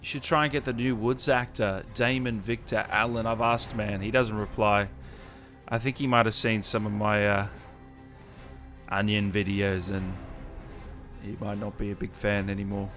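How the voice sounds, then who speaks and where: A man's voice: on the low side, little pitch movement, normal speed, fairly bright tone, soft background music. A tired Australian man hosting a casual live gaming stream, reading viewer comments aloud and answering them in a laid-back way. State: tired, just woke up.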